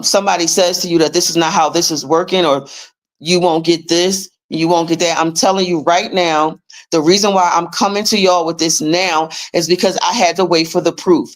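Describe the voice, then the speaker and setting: Her voice is on the low side, steady and moderately paced. As a livestream host covering finance paperwork, she rants casually with blunt, emphatic swearing, insisting listeners take charge of their money.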